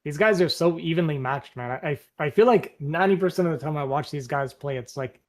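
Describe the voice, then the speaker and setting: A man doing live play-by-play commentary on a strategy game match in a flat, monotone way, his voice a bit worn from losing it recently. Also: fairly high pitch, fast talker. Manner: self-described monotone, relaxed. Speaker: esports caster.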